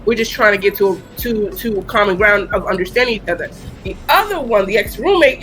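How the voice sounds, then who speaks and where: A woman co-hosting a casual chat, telling a story in a relaxed, chatty way. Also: mid-range voice, a little fast, faint music behind. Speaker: podcast co-host.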